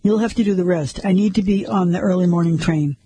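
A man voicing a calm, controlling woman who gives firm, steady instructions. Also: high voice, fairly quick, breathy edge, no echo.

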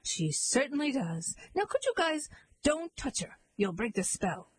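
A woman's voice: high-pitched, very animated, unhurried, husky, heavily acted. A woman doing a sleazy, sheepish prince. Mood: pleading. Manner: hesitant and sheepish, full of ums. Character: sleazy, whiny adult male prince. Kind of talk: storybook character voice.

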